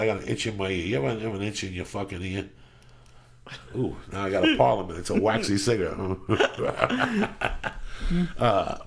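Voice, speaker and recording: A middle-aged man hosting a podcast, ranting in a loud, profane, rambling way, with a stuffy nose. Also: lowish voice, creaky, husky. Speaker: podcast host. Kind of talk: profane casual podcast rant.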